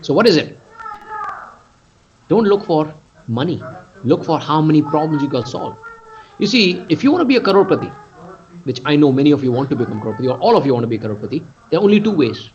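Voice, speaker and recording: A man in his forties with an Indian accent gives an emphatic motivational business talk in a webinar, frequently quizzing listeners and stretching key words. His voice is on the high side, very animated, fast and slightly mellow, with frequent pauses. The business coach uses a computer mic on a video call, giving dull, lo-fi audio.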